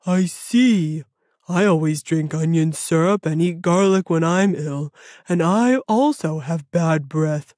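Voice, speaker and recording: A woman voicing a kind, gentle male bear who talks in a calm, reassuring way, in a children's audiobook. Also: deep voice, dry recording, studio quality. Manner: warm, calming, slow and reassuring.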